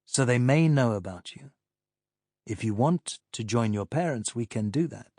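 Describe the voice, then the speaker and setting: A man voicing a steady policeman who speaks in a measured, slightly pompous way. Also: mid-range voice, no room sound, studio quality. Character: calm steady country policeman.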